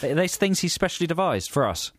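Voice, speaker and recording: A man's voice: on the high side, sing-song, fairly quick, no echo. A man co-hosting a comic radio show, chipping in with dry, wry remarks. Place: radio studio.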